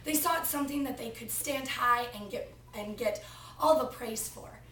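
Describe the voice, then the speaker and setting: A woman's voice: a little high, normal speed, a little hiss or hum. A young woman giving a practice sermon to a class, telling a family story before turning to the text. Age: young adult. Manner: storytelling, animated retelling of family anecdote. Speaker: preaching student. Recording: echoey room from far off.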